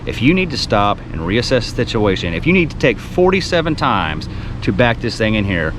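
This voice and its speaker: A man from Texas hosting a travel vlog, telling stories and giving advice in a casual, animated way. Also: fairly low pitch, a little fast, background noise. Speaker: vlog host.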